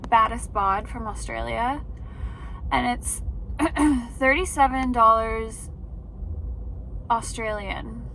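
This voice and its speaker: A young woman from Canada chats for her vlog, sleepy and yawning, leaning on "like" as she rambles. Her voice sits a little high and she talks slowly. Road noise from a moving car hums clearly behind her, caught on a phone. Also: fairly bright tone. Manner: chatty, lots of "like" fillers. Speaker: vlogger. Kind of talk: casual vlog chat.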